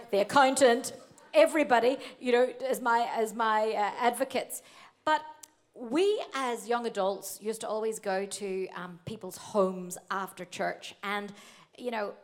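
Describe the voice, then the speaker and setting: A middle-aged woman, a pastor, telling lively anecdotes in an interview. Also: medium pitch. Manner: lively, animated storytelling.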